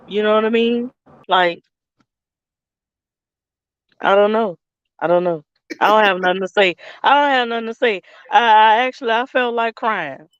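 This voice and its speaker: A woman co-hosts a casual sports podcast, starting out dejected before turning heated and scolding. Her voice is medium-pitched, and the recording is muffled.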